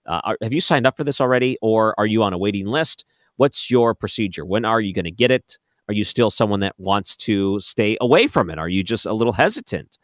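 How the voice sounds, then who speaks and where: Chatty low-voiced male radio host. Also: lively intonation, a little fast, dry recording, studio quality. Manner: chatty, joking asides. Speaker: radio talk show host. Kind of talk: casual talk radio. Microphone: studio microphone.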